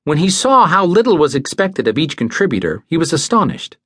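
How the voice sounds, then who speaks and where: A man narrating a classic novel as an audiobook, measured and expressive. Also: fairly high pitch, dry recording, studio quality.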